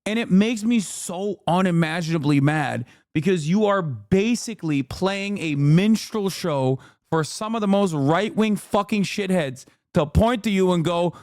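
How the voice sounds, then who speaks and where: A man's voice: high voice, animated, unhurried, few pauses, darkish tone, dry recording, clean studio sound. A man streaming a reaction, ranting angrily and profanely with mocking impressions. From Turkey. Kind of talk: profane heated commentary.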